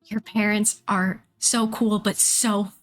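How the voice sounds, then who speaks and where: A woman's voice: mid-range voice, little pitch movement, slow. A woman playing a tabletop game in character, sounding nervous and giggly. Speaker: player.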